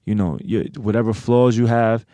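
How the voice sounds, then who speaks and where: An American man with a lowish, warm voice tells a personal story as the guest in a casual interview, speaking at normal speed with no echo. He swears a lot, sounds streetwise and leans heavily on filler phrases.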